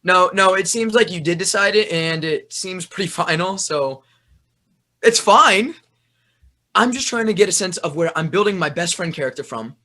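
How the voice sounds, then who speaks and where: A man plays a vain young actor in a stage play who keeps defending himself and bragging about his accents. His voice sits high and bright. He rambles and circles back on his point. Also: lively intonation, moderate pace. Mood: defensive. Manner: defensive, boastful, meandering. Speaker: actor in a rehearsal scene.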